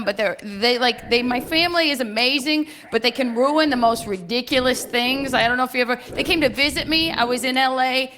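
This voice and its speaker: A woman comedian performing a stand-up set, telling brash, animated stories with shouted punchlines. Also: fairly high pitch. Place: comedy club stage before a live audience. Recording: stage set with audience laughter and noise.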